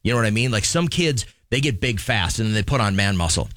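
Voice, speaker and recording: Easygoing middle-aged man, low voice. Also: animated, quick pace, fairly bright tone, dry recording, studio quality. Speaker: co-host and football coach. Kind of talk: casual chat.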